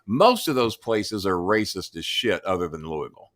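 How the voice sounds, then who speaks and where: A man's voice: deep voice, very animated, normal speed, a bit bright, dry recording, studio quality. An older man from the Southern United States, a guest telling stories in a blunt, profane, casual way. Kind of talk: casual storytelling chat.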